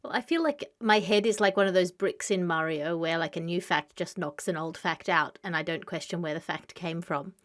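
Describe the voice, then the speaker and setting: A woman hosting a comedic news podcast with dry, deadpan wit, recorded over a video call. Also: on the low side, normal speed, few pauses. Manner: dry, witty, deadpan delivery. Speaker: host. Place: home, remote video call.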